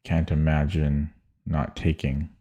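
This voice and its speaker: A man with a very low, mellow voice talks through chess puzzles at an unhurried pace. He mutters in short, halting phrases and often restarts his sentences. Mouse clicks sound now and then near his mic. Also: completely flat delivery. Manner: muttering, halting, self-correcting. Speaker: chess streamer. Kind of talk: thinking aloud while solving puzzles.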